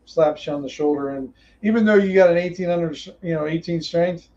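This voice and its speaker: A man narrating a tabletop game as game master, halting with many fillers. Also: a little high, a little mellow, muffled recording.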